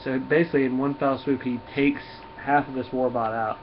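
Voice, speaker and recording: A man with a Southern US accent reviews a comic casually and rambles through the plot with restarts. His voice sits at a middle pitch for a man. The recording is dull and lo-fi, with a faint hiss. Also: fairly even intonation, a little fast.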